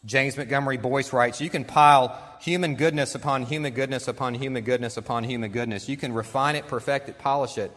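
A man's voice: mid-range voice, fairly even intonation, fairly bright tone. Guy preaching a sermon, earnest, reads out quotes, big church echo behind him, mid voice. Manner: earnest preaching, reads quotations aloud, slows for emphasis. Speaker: pastor. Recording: long reverb in a large hall.

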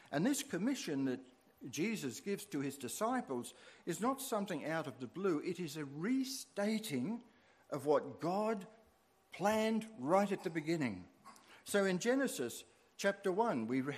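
A middle-aged man preaching a sermon as pastor, with rising emphasis on key words. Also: sits high.

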